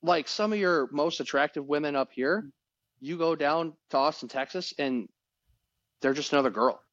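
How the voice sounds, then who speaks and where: Guy on a podcast getting all worked up, rambly, kinda high voice, dull dry audio. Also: moderate pace, dry recording. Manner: excitable, rambling, restarts words. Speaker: podcast co-host. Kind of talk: casual chat.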